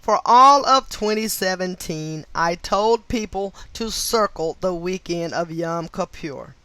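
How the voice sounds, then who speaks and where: Slow, dry-voiced woman reading aloud. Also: fairly low pitch, expressive, bright, forceful tone, no room sound. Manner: spells out names letter by letter, interjects brief agreement. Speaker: book reader. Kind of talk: reading a book aloud with own asides.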